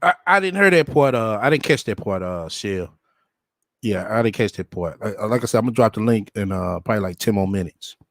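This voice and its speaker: A man's voice: lowish voice, animated, brisk, no echo, studio quality. A man giving casual reaction commentary on a clip, crude and profane in a mocking way.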